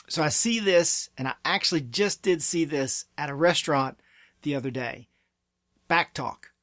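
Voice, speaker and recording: Man, gravelly and fairly high-pitched, earnest parenting advice in a dry, close sound. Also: normal speed, a bit bright, dry recording. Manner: earnest, emphatic, acts out parent and child quotes. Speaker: pediatric therapy clinic presenter. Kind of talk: advice talk to camera.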